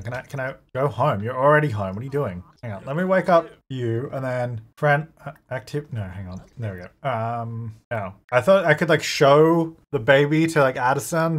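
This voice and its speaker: A man giving casual running commentary on a life-simulation game, thinking aloud, laughing often and talking to the game's characters. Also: mid-range voice. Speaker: gaming video creator. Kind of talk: casual let's-play commentary.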